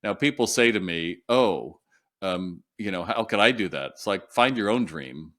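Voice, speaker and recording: A man with a fairly low voice tells his story as a guest in an interview. He performs the lines of the people in it, switching into their voices as he goes. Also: normal speed. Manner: animated storyteller acting out quoted dialogue. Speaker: guest, retail consultant.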